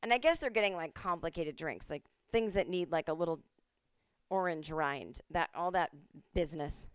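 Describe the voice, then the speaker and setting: Chatty woman podcaster, smooth dry voice. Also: lowish voice, moderate pace, no echo. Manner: chatty, swearing, acts out quoted voices. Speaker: podcast host. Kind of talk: casual storytelling monologue. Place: at home.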